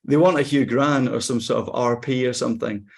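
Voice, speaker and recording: A Scottish actor in his forties, chatting in an interview in a relaxed, wry way with frequent ums and restarts. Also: mid-range voice, brisk, vocal fry. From Scotland. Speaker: actor guest. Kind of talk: casual interview chat.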